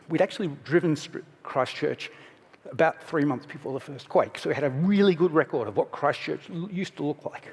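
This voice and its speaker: Giving a casual, candid conference talk, this middle-aged speaker keeps interrupting himself and turns emotional now and then. He talks a little fast in a slightly husky, somewhat high voice, with long hall reverb from the stage mic surrounding him.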